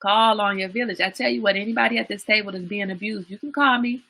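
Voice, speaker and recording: A woman's voice: mid-range voice, fast talker, pushed and bright. A woman hosting a live-streamed talk show, chatting casually with viewers, reading out their comments and laughing often. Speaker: livestream talk show host.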